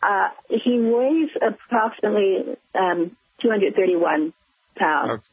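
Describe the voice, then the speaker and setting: A woman's voice: mid-range voice, expressive, slow pace, breathy edge, no room sound. Hesitant woman caller on a phone line. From United States. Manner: hesitant, many fillers and restarts. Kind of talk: phone-in call. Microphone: telephone. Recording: thin phone line on radio.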